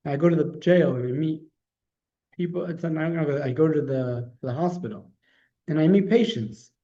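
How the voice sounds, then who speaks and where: A man teaches a religious class as its rabbi, telling stories in a loose, conversational way and often restarting his sentences. His voice sits a little high but sounds dark and mellow. The recording is dull and lo-fi. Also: normal speed. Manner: conversational storytelling with frequent restarts. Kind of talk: storytelling lesson.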